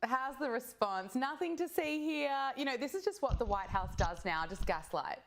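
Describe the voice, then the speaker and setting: A woman hosts a commentary program, her delivery scripted and smoothly paced as she sets up each clip. Her tone carries a dry, sardonic bite, and her voice sits in an ordinary middle register. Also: mid-range voice, expressive, normal speed, fairly bright tone, slight background noise. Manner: sardonic, leads into clips. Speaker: show host.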